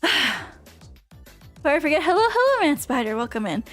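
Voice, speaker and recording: A woman with a high-pitched voice talks through a casual streaming Q&A. She rants with passion and swears freely. Soft music plays faintly behind her. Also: sing-song, fairly quick. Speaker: VTuber streamer.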